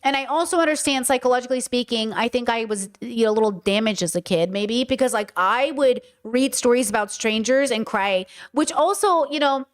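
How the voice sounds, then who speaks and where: A woman's voice: a little high, fairly quick, few pauses. A young adult woman hosting a podcast, talking in a passionate, emphatic casual monologue that often repeats its points. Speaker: podcast host.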